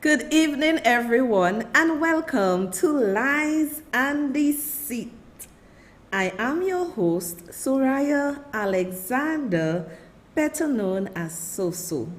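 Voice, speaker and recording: A woman hosting a live online show, greeting viewers one by one and calling them darling and baby. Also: high voice. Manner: lively, drawn-out greetings.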